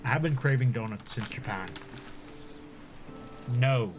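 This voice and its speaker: A man's voice: mid-range voice, unhurried, over music. A man chatting casually on a live stream, talking with his mouth full and laughing often.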